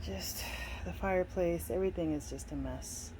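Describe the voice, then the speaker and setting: A woman filming a vlog walkthrough of her flooded basement, upset and halting as she holds back tears. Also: lowish voice, noisy background. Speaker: vlogger, homeowner.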